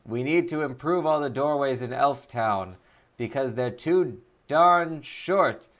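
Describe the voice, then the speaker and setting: A man voicing a vain male elf running for office, speaking slowly and haltingly with earnest comic seriousness. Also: mid-range voice, fairly bright tone, highs cut off. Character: vain male elf candidate, doorway-bonking. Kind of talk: comic improvised character voice.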